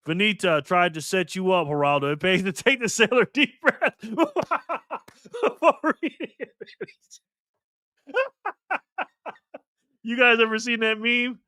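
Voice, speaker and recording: A man's voice: high voice, unhurried, pauses often, bright, forceful tone, no room sound, studio quality. A man hosting a casual livestream, talking in a slangy, playful way and thanking viewers by name. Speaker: livestream host reading donations.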